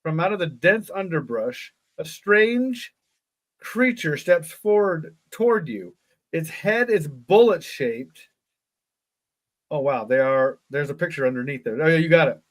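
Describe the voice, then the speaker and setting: A man's voice: fairly high pitch, animated, a little slow. Upbeat male co-host reading aloud. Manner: reads aloud, breaks off into joking asides. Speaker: podcast co-host. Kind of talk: reading a gamebook aloud with casual chat. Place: live online show.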